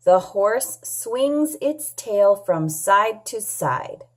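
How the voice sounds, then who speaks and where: Very slow, patient woman teaching phonics. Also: mid-range voice, sing-song. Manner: slow, clearly sounding out words and letters; patient, asks and answers her own questions. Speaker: English teacher. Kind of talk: phonics lesson for children.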